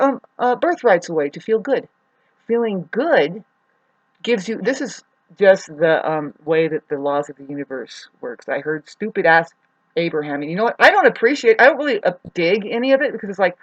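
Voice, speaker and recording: A woman talking in a rambling, frustrated monologue, swearing often, with sudden swings between loud outbursts and quieter muttering. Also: lowish voice, lively intonation, moderate pace, no echo, rough recording. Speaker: astrology vlogger.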